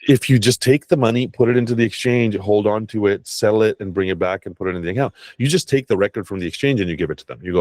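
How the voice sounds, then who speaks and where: Blunt deep-voiced man teaching crypto. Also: darkish tone, no room sound. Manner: blunt, swears casually, acts out bank staff in quick asides. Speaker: crypto tax educator. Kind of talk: casual masterclass talk.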